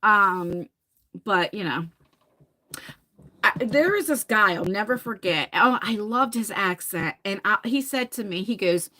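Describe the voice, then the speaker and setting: With a medium-pitched, expressive voice that's bright and pushed, this livestream host talks a little slowly. In her forties and New Jersey-accented, she chats loosely with her viewers, laughing and cursing from time to time.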